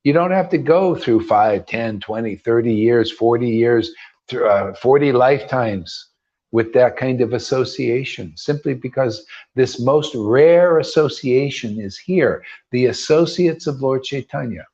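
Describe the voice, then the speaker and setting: A man's voice: medium pitch, unhurried, a little mellow. A man giving an informal devotional talk to a group, emphatic and preachy, often restarting and rising into bursts. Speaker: spiritual teacher. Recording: dull lo-fi sound.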